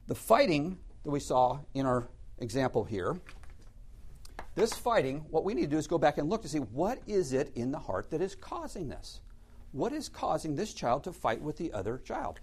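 Male Sunday school teacher, animated pitch, chatty delivery with rhetorical questions. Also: moderate pace, slightly rough. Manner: conversational, rhetorical questions, acts out stories. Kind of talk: church class teaching.

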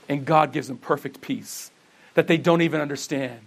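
High-voiced earnest male preacher. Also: normal speed, creaky, breathy edge. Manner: earnest, asks rhetorical questions and answers them himself; says he stutters, with frequent restarts. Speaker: pastor. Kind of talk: sermon.

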